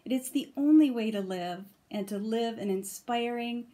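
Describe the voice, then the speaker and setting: A woman's voice: a little high, normal speed, mellow. Gushing woman reviewing cards on video. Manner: gushing, enthusiastic, laughs often. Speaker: vlogger reviewing oracle cards. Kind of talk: casual card reveal and review.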